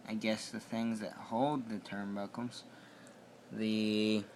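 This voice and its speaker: This casual toy review features a young man with a fairly low, darkish voice talking about a wrestling ring at home. He wanders along without much of a script, and the camera mic adds a little hiss or hum.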